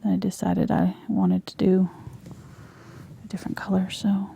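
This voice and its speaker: A woman teaching a live painting lesson on a lapel mic, soft-spoken and often dropping to a near whisper as she works. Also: mid-range voice, little pitch movement, normal speed, gravelly, husky, no echo. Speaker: painting instructor.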